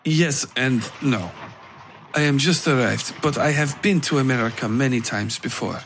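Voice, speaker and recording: A man voicing a stiff, proper foreign gentleman traveler who speaks formally and gets flustered easily. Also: medium pitch, normal speed, a little hiss or hum, natural voice.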